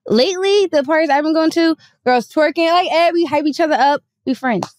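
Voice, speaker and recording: A woman's voice: high voice, brisk, dry recording, clean studio sound. Young woman defending her point. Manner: defensive, uses "like" a lot. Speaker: podcast guest. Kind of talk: casual chat, telling an anecdote.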